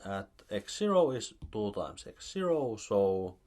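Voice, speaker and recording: Slow deep-voiced man lecturing math. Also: big pitch swings, a little mellow. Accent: Finnish. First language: Finnish. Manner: slow, halting, with many fillers.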